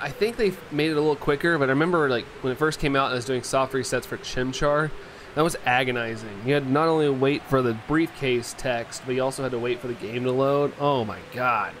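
A man's voice: mid-range voice, fairly bright tone, slight background noise. A young man chatting casually as a game streamer, rambling with lots of fillers and often laughing. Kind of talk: casual chat while playing, reading chat.

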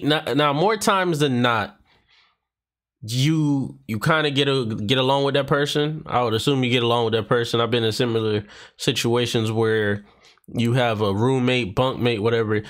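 A man's voice: medium pitch, moderate pace, fairly bright tone. A man hosting a reaction video, casually commenting on a stand-up clip and repeating the lines he liked. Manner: chatty, repeats punchlines he likes.

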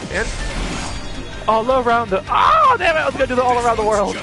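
Young man, gameplay commentary, excitable, jokey, lively pitch, faint game music behind. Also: fairly quick, crowd noise. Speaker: gaming YouTuber.

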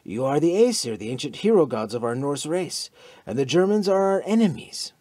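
A big Norwegian, read by a male narrator, with a rumbling, warm, dark voice close to the narration, asking in disbelief. The read is close and dry. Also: very animated, a little fast, dry recording. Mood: incredulous. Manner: rumbling and incredulous.

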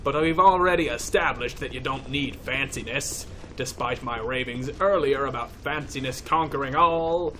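A man's voice: mid-range voice, normal speed, sharp tone, a little hiss or hum. A man commentating his own gameplay, joking and putting on a mock-posh English accent while talking to enemies. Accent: put-on English accent. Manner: playful, mock-posh, swears, talks to enemies. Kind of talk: let's play commentary.

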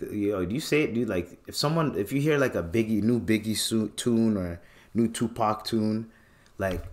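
A man from Canada hosting a podcast in casual commentary, animated and profane, laughing often. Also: medium pitch. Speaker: podcast host.

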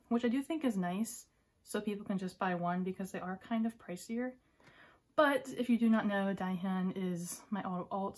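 A woman filming an excited unboxing vlog, giddy and gushing, often dropping to a hushed whisper. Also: mid-range voice. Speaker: K-pop fan vlogger.

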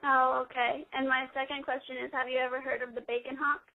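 Nervous, high-voiced young woman caller. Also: flat delivery, brisk. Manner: nervous, giggly. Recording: tinny phone line.

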